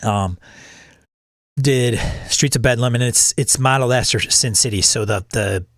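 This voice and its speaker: A man's voice: mid-range voice, measured pace, fairly bright tone, no echo, clean studio sound. A man hosting a casual solo chat, rambling and often restarting his sentences. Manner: rambling, self-correcting, repeats words. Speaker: channel host. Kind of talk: casual solo chat about tabletop games.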